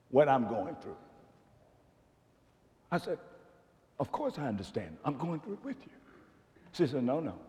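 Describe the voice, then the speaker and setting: A middle-aged man preaching a sermon in a large church hall, swinging between shouts and near-whispers. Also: medium pitch. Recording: long hall reverb.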